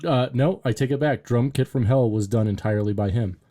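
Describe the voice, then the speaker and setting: A man's voice: mid-range voice, a little fast, mellow. A man in a casual podcast chat, tossing out profane jokes and banter.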